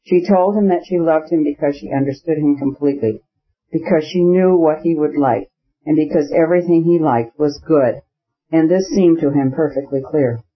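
A man reading a classic novel aloud as an audiobook narrator, measured and even. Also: on the high side. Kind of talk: scripted narration. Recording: slightly muffled audio.

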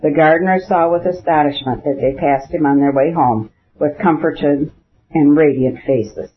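Man reading a novel over a thin line. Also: on the high side. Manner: even, measured reading with French phrases. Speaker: audiobook narrator. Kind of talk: scripted narration of a classic novel. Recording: phone-like narrow band.

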